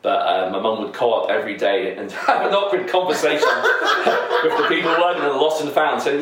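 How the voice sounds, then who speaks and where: A man's voice: fairly high pitch, wildly swooping pitch, fairly quick, hardly any pauses, noisy background. A man telling a story in casual chat, rambling, laughing and swearing freely. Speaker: podcast co-host. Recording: echoey room, distant mic.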